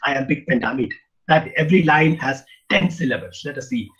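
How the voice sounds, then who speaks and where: A man's voice: mid-range voice, brisk, a bit bright, lo-fi sound. A man giving an online lecture on poetry, often restarting and repeating phrases as he explains. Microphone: video call.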